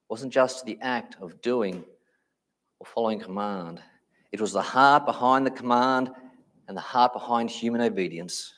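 Male preacher, sermon delivery, emphatic, drags out key words, mid-range voice. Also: mid-range voice. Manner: emphatic, slows down on key phrases.

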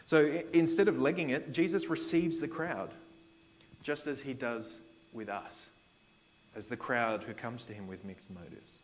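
A man's voice: mid-range voice, dull audio, a little hiss or hum. A man with an Australian accent preaching a sermon as pastor, conversational, retelling scripture in everyday slang.

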